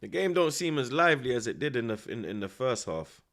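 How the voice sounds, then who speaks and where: A man's voice: medium pitch, a little fast. A young man, chatting casually in street slang and reacting live to a football match. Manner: animated, street slang, frequent tag questions. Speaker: streamer.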